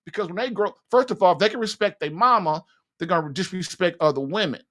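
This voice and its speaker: A man's voice: high-pitched, fast talker, fairly bright tone. A man talks through marriage advice in a loose, conversational monologue. He is blunt and folksy, and he laughs at his own points as he goes. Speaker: podcast host giving marriage advice.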